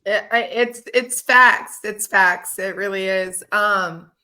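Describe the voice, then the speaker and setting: A woman's voice: medium pitch, slow pace, sharp tone. A woman hosting a radio interview, chatting loosely and laughing easily. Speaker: radio show host. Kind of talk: casual chat.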